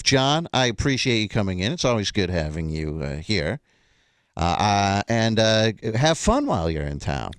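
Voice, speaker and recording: A man hosting a radio morning show, briskly reading out show times and phone numbers. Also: lowish voice, very animated, no echo. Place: radio studio.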